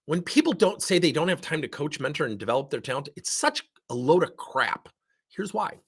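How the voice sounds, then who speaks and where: Emphatic, animated male keynote speaker. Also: fairly high pitch, fairly quick, slightly rough. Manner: animated, emphatic, acts out dialogue. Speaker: leadership speaker. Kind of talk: keynote talk.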